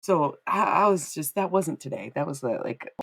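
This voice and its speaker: Low-voiced woman telling a story, dry sound. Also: normal speed, gravelly, slightly rough, dry recording. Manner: animated, laughing, swearing, acts out quotes in high voices. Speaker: streamer. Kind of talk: casual storytelling chat.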